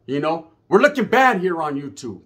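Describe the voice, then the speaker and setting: A man's voice: fairly high pitch, very animated, normal speed, a bit bright. A male YouTuber delivering a profane, confrontational rant to camera in a swaggering way. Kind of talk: ranting monologue to camera.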